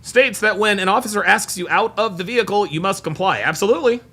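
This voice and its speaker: A man's voice: high voice, fast talker, noisy background. A man hosting a live podcast, reacting casually and reading viewer comments aloud. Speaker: podcast host.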